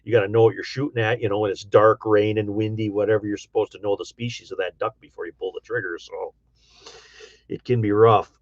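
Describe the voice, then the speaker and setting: Fairly quick and steady in tone, a low-ish voiced middle-aged man with a Michigan, Upper Midwest accent reads chat on a livestream, rambling in a folksy, casual manner with lots of fillers like um and uh. The lo-fi sound is dull and dry, with no echo.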